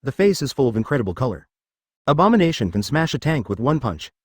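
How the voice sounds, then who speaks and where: A man's voice: mid-range voice, sing-song, quick pace, no room sound, studio quality. A man reading a web novel aloud as narrator, dramatic with stiff translated phrasing.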